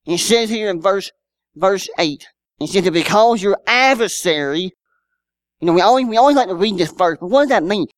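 A man's voice: high voice, lively intonation, moderate pace, dry recording. A man, preaching a sermon in a conversational style with rhetorical questions and personal stories. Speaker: pastor.

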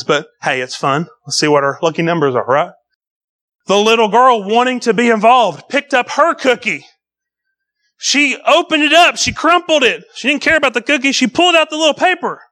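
Middle-aged guy preaching a sermon, pretty high bright voice, gets loud then drops real low. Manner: preaching with swings between loud emphasis and low quiet delivery. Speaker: pastor.

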